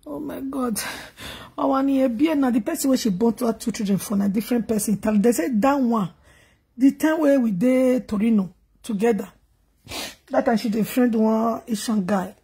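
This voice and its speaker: A woman's voice: a little high, normal speed, warm tone, slightly rough. A middle-aged Nigerian woman vlogging, wailing and chanting in grief before telling a sad story in gossip style. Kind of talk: emotional lament and gossip.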